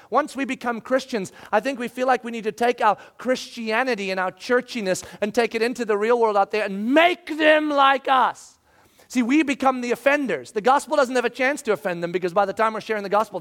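A male pastor with a high voice preaches an animated sermon. He swings from loud to hushed and drops in humorous asides. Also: a little fast.

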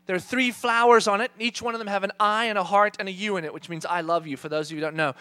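A man in his thirties, a pastor telling a lively, self-mocking story during a church sermon. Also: high-pitched, rapid-fire, smooth.

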